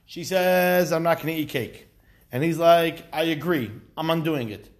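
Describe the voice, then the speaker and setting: A man teaching a lively study class, explaining step by step with rhetorical questions and acted-out quotes. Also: fairly high pitch, normal speed. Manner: animated, asks rhetorical questions, acts out quotes. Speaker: Talmud teacher.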